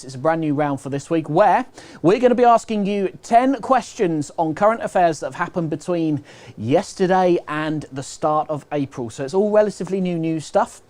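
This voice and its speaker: A man's voice: high voice, a little mellow. Upbeat British man hosting a quiz. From United Kingdom. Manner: chatty, upbeat, repeats instructions. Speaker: quiz host. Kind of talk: live online quiz hosting.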